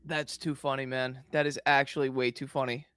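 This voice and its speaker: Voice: mid-range voice, flat delivery, fairly quick, fairly bright tone, a little hiss or hum. Giggling streamer reading posts aloud. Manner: breaks into frequent laughter while reading posts aloud; slangy and loose, says dude and man. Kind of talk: casual reaction commentary.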